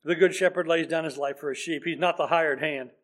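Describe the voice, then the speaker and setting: High-voiced man preaching a sermon. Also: steady tone, fairly quick. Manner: earnest, conversational preaching with scripture reading.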